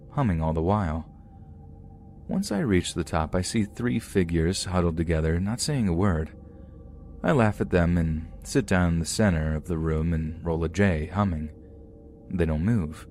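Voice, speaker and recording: With a deep voice, a male podcast narrator reads true scary stories sent in by others, told in the first person. His delivery stays steady and measured.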